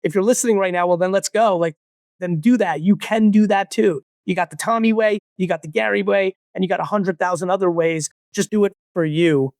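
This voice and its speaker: A man in his forties, born in Russia, talking as a guest entrepreneur in a blunt, profane, animated way. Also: high voice, brisk, no room sound, studio quality. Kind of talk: casual interview talk.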